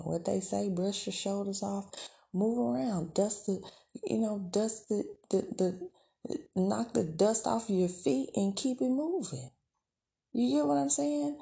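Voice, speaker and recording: A woman's voice: mid-range voice, a little slow, gravelly, mellow. A woman, hosting a podcast and giving encouraging, conversational advice in a casual monologue. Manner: encouraging, conversational, faith-filled. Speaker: podcast host.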